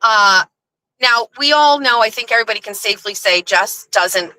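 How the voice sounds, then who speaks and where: A woman's voice: a little high, lively intonation, moderate pace, bright, forceful tone, dry recording, rough recording. A woman hosting her own show, telling a story in a casual, profane and exasperated rant. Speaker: show host. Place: outdoors, on her pool deck.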